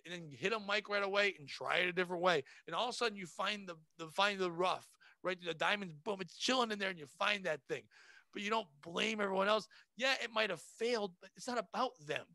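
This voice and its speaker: A man who works as a comedian, talking casually on a podcast in a blunt, profane, animated way. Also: high-pitched, no room sound. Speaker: comedian guest.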